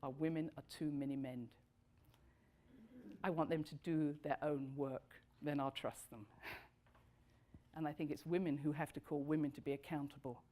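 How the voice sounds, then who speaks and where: A middle-aged woman giving a lively talk to an audience, swooping high for emphasis and dropping low and soft. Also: normal speed, long pauses.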